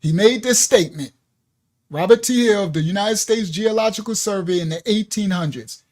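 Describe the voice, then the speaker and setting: Male host teaching live, casual and emphatic, sits a touch high in pitch. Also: moderate pace. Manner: animated, emphatic, talks to viewers at home; casual, laughs often. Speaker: ministry teacher. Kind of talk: livestream scripture teaching.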